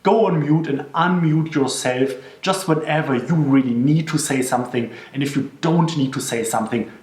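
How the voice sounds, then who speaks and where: A man presenting workplace etiquette tips in an earnest instructional manner, slowing down to repeat his key advice. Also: medium pitch, a little mellow. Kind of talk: instructional talk to camera. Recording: echoey room.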